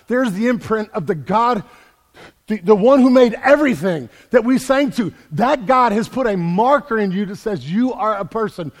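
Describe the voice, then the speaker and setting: A man preaching a sermon as a pastor in a church, energetic and repeating words as he builds emphasis. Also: sits high, normal speed, in a large hall.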